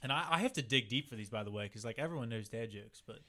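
A man's voice: medium pitch, lively intonation, quick pace, bright, forceful tone, slight background noise. A man co-hosting a casual podcast chat, upbeat and pushing the talk along. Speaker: podcast co-host.

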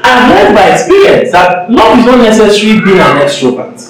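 A man preaches with a high, very animated voice that swoops up and down. He is emphatic and acts out the people he quotes. The sound comes from a distant mic in a very echoey church. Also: fairly quick, background noise. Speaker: pastor. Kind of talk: sermon. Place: church sanctuary.

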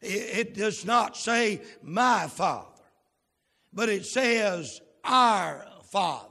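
A man preaching in a church, his voice high and bright, ringing with a long hall echo. He speaks slowly and drawls his key words. Every so often he whoops or shouts for emphasis. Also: expressive, vocal fry. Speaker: pastor. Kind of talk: sermon with opening prayer. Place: church sanctuary.

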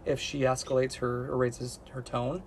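A man talks openly as a podcast guest, thinking aloud and letting his sentences fade into quiet. His pitch sits in a middling range. Faint noise hums behind him. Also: little pitch movement, moderate pace. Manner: candid, reflective, trails off softly. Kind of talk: casual chat.

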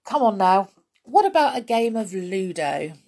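A woman's voice: medium pitch, very animated, unhurried, dark tone. A woman voicing a merry little male pixie who talks in a cheerful, chirpy way.

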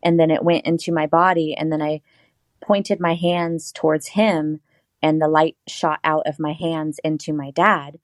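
A woman's voice: deep voice, fairly even intonation, a little slow, no echo. A woman guest telling a personal story in casual interview talk, acting out the voices she quotes.

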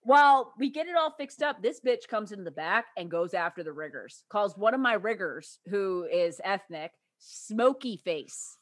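Woman, podcast host, casual chat, profane, ranting, mid pitch, dry close sound. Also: animated, unhurried, hardly any pauses, no echo.

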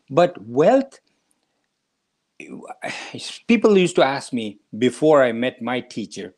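A man's voice: mid-range voice, expressive, a little slow, gravelly. A man lectures on scripture in a mid-range voice. He explains patiently, weaving in stories and addressing the listener directly. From India. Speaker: spiritual teacher.

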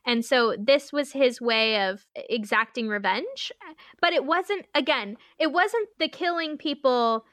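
A young woman co-hosting a podcast, telling a true-crime story in casual, animated chat with lots of fillers. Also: high voice, measured pace, no room sound, studio quality. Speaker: podcast co-host.

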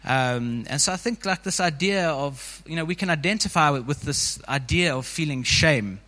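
Bright-voiced man preaching in a reverberant hall. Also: fairly high pitch, lively intonation, moderate pace. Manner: informal, frequent "you know" fillers. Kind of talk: conversational sermon.

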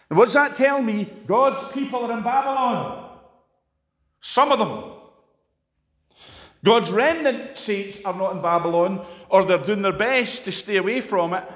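A man preaching an impassioned sermon, swinging between loud emphatic peaks and hushed asides. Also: high-pitched.

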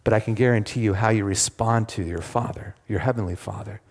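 A man's voice: on the low side, steady tone, a little fast, few pauses, a little mellow. A man preaching a sermon, engaging the congregation with questions and emphatic retellings. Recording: long hall reverb.

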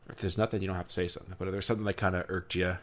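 A man hosting a relaxed movie review chat, his voice sitting a little low. He rambles, stops and restarts, and fills gaps with ums. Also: racing. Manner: rambling, many fillers and restarts. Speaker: podcast host.

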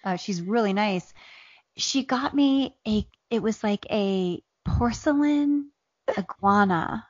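A woman's voice: mid-range voice, slow pace, darkish tone, no echo. A talkative woman, an author being interviewed, spins funny anecdotes and laughs between them. Her voice sits in the middle range. The recording is dry and a bit dull. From Ohio, USA. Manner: chatty storyteller, laughs often. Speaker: author and guest. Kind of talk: casual interview chat.

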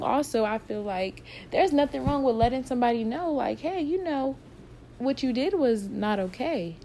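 Her voice sits lowish, gravelly and somewhat dark, with a faint hiss or hum in the audio. Answering viewers' questions from her experience with patients, she offers casual, reflective encouragement and keeps repeating her key messages.

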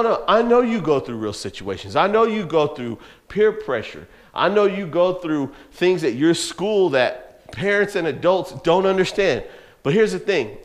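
A man preaching a youth sermon, telling a story with lively, laughing energy and talking straight to the young listeners. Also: on the high side. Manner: animated storytelling, laughs often, addresses listeners as bro. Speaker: youth pastor.

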